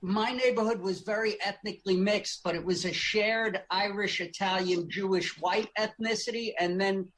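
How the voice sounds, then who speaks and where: A middle-aged comedian from Brooklyn, New York, guests on a podcast, telling stories wryly and swearing casually. His voice is high and fairly bright, with fairly even intonation, a moderate pace, and hardly any pauses. There's slight background noise.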